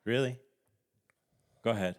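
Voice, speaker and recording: A man's voice: medium pitch, unhurried. A man co-hosting a podcast in casual chat, hesitant and self-conscious, restarting his sentences often. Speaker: podcast co-host.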